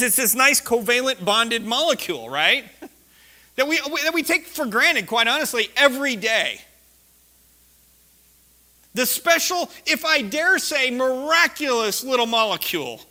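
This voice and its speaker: A man preaching a sermon, telling a personal story with laughter and sudden shouted lines. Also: extremely high pitch.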